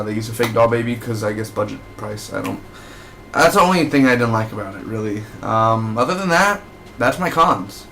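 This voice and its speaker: Young guy raving about a movie, loose and rambly, cusses a lot, average pitch. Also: a bit bright, slight background noise. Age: young adult. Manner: enthusiastic, rambling, swears freely. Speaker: movie reviewer. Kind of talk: casual spoken movie review.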